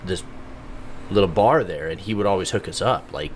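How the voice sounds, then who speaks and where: A man's voice: low voice, lively intonation, moderate pace, a little hiss or hum. A man who is a guest on a casual podcast, telling stories about himself in a laid-back, self-deprecating way. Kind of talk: casual chat.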